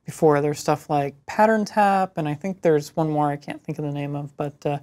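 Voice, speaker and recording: A man's voice: on the high side, moderate pace, darkish tone, smooth. Easygoing, enthusiastic man presenting web tools on a tech show. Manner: enthusiastic, casual. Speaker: co-host. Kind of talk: casual tech news show.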